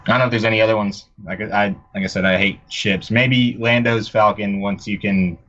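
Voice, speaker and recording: A man's voice: on the low side, fairly even intonation, brisk, a bit bright, lo-fi sound. A man giving game advice in a casual live Q&A, loose and hesitant, correcting himself as he goes. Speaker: panelist.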